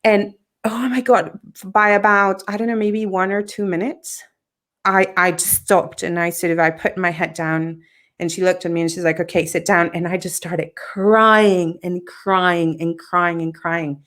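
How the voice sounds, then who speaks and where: A woman guest on a podcast, telling a personal story in a lively, conversational way and acting out what others said. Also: lowish voice, normal speed. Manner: animated, acts out quoted dialogue, laughs often.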